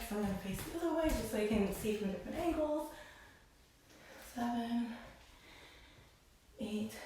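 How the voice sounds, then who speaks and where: Echoey far-off woman leading a workout. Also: medium pitch. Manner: cueing breaths and counting reps while exercising. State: out of breath. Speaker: pelvic health exercise instructor. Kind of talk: live-streamed workout instruction. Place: indoor room. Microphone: phone camera across the room. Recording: echoey room, voice far from the mic.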